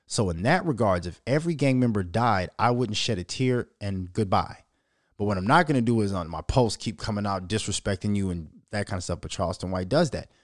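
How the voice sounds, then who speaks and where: A man's voice: fairly low pitch, no room sound, studio quality. A man in his thirties hosting his own show, telling profane stories in a casual monologue. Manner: profane, animated storytelling. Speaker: show host.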